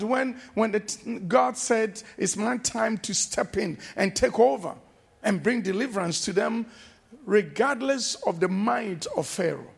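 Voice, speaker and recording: A man preaching a sermon as pastor, slow and emphatic, repeating refrains and breaking into shouted exclamations. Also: high voice, vocal fry, breathy edge.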